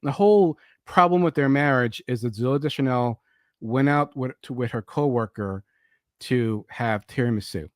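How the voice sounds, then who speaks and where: A man hosting a podcast, chatting casually about a movie and telling stories with lively energy and frequent swearing. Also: medium pitch, normal speed, no echo, studio quality. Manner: animated storyteller, swears, acts out quotes. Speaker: podcast host. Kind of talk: casual movie review chat.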